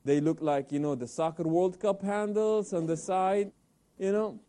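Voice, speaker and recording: A man hosts a religious talk program, his voice fairly high in pitch yet very dark and mellow in tone. He talks animatedly, asks questions and answers them himself. Arabic religious phrases come up now and then. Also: measured pace. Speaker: host of Islamic talk program.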